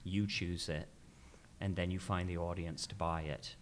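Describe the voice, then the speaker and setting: Deep-voiced middle-aged man giving advice. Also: fairly even intonation, a little slow, slight background noise. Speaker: guest photographer. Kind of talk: casual podcast conversation.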